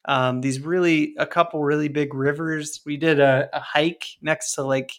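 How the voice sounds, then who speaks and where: A man's voice: fairly high pitch, fairly even intonation, normal speed, a bit bright. A man co-hosting a casual podcast, easygoing and rambling, laughing often as he talks. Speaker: podcast co-host.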